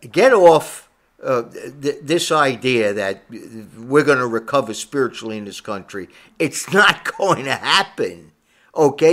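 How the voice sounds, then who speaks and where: A man's voice: mid-range voice, fairly bright tone. A man preaching a sermon, emphatic and full of rhetorical questions, repeating his points.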